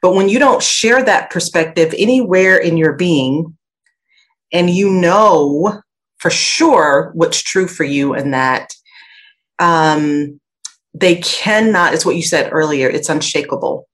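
Woman, Southern US accent, low pitch, earnest and reflective, interview guest. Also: slow, poor audio. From raised in Michigan and Alabama. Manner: reflective, earnest, animated when quoting others. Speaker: guest, aromatherapy expert. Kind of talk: podcast interview conversation.

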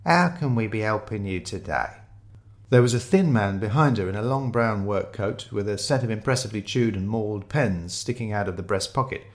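A man's voice: on the low side, fairly quick, hardly any pauses, darkish tone. A man reading a first-person mystery story aloud, descriptive and wry in his storytelling. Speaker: narrator.

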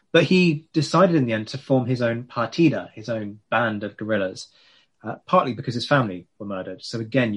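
Male co-host, ex-teacher, explanatory lecturing delivery. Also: medium pitch. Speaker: podcast co-host, former teacher. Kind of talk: casual history chat.

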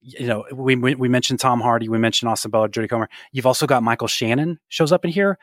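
A man's voice: medium pitch, fast, no room sound, clean studio sound. A man co-hosting a casual pop-culture podcast, wry and joking, full of pop references. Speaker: podcast co-host.

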